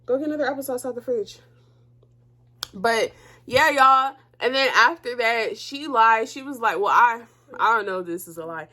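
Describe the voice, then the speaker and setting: A woman's voice: on the high side, moderate pace. A young woman telling a personal story to her viewers in casual chat, blunt and profane, her voice jumping up when she gets heated. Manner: animated, voice jumps up when heated.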